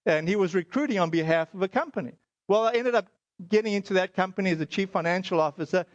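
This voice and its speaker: High-voiced man telling a faith story. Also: fast, no echo, highs cut off. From South Africa. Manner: storytelling with many fillers and acted dialogue. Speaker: speaker. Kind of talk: testimony sermon.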